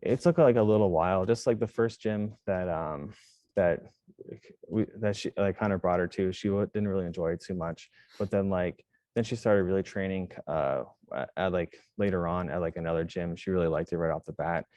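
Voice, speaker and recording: A man's voice: sits low, a little fast, dark tone, no echo. A young man, a jiujitsu instructor, answering interview questions casually in a rambling way, full of fillers and restarts. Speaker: jiujitsu instructor and gym owner.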